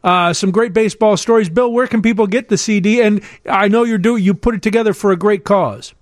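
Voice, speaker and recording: A man's voice: high-pitched, a little fast, no room sound, studio quality. A man co-hosting a sports radio show, asking guests questions and reading ad copy in a chatty way. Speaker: radio co-host.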